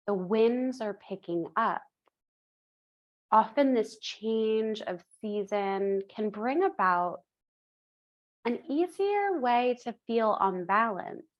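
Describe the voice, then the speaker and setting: Yoga teacher, young adult woman, very slow unhurried cues, calm and gentle. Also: medium pitch, muffled recording. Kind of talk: guided yoga breathing instruction.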